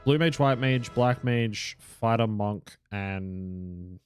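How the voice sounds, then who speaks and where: A low-pitched young man talks through his gameplay in a loose, rambling way, doubling back on himself and tossing in the odd curse. Quiet game music plays underneath. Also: slow pace, clean tone, no echo, clean studio sound. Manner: rambling, self-correcting, swears and laughs. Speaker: streamer. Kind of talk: casual live gameplay commentary.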